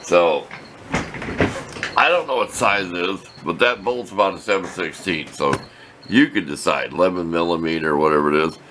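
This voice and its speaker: A man's voice: low-pitched, normal speed, background noise. An older man, rambling in a folksy, plain-spoken way as he shows off tools in his home workshop. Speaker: workshop video host. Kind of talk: casual workshop show-and-tell.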